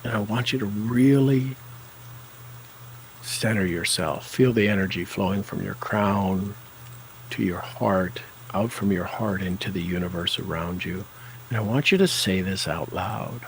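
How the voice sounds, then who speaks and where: Slow, low-voiced man guiding a tapping session. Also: a little hiss or hum, rough recording. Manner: slow, deliberate, coaching cues. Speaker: tapping coach. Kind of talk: guided tapping session with affirmations.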